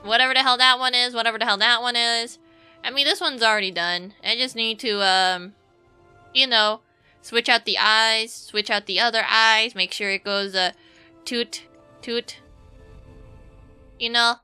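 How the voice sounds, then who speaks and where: A woman's voice: on the high side, fairly even intonation, normal speed, sharp tone, clear, resonant tone. A young woman streamer chatting casually while she draws, rambling with self-mocking asides, over faint background music. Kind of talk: casual livestream chat while drawing.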